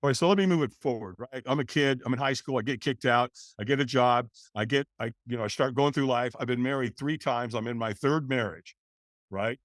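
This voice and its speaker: An older man in his sixties tells his own story as a podcast guest. He is animated and acts out the voices of the people in it. The voice has a middle pitch and a dry, close sound. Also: a little fast, no room sound. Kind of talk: storytelling interview.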